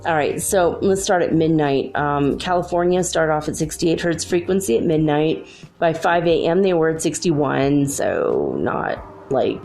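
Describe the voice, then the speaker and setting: A woman's voice: low voice, creaky, darkish tone. A woman hosting a casual solo spiritual talk from her room at home, bubbly and full of "like"s. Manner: chatty, bubbly, many "like"s. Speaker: spiritual channel host.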